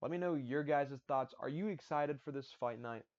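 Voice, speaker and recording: A man's voice: on the high side, moderate pace. A man hosting a fight-predictions channel, talking casually, repeating his picks and stumbling over restarts. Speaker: MMA predictions channel host. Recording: dull lo-fi audio.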